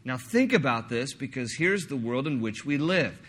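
A man preaching a sermon, animated and joking, slipping into mock voices to make his point. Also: medium pitch, normal speed. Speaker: pastor.

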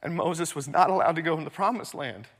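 A man preaching a sermon in a church, telling the story with animated swings between loud and hushed delivery. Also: on the high side, a little fast, long reverb tail. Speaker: pastor.

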